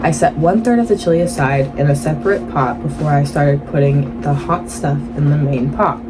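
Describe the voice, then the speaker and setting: Low-voiced woman reading posts aloud. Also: fairly quick, low-quality recording. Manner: playful, jokey commentary. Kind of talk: casual reading with asides. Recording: loud air-conditioning hum. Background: air conditioning noise.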